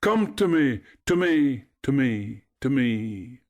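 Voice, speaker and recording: A man's voice: mid-range voice, sing-song, slow, pitched above the performer's own voice. A man voicing a lovestruck female nymph who can only repeat others' last words in desperate, fading cries. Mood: desperate calling.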